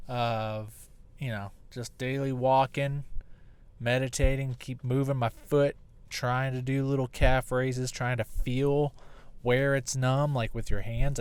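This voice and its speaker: A man's voice: medium pitch, smooth. A man in his thirties hosting a casual solo podcast, rambling and swearing freely. He speaks close into a handheld recorder with no windscreen, so the sound is hot and poppy. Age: 30s. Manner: rambling, profane, jokey. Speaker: podcast host. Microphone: close to a handheld recorder without a windscreen, hot and poppy.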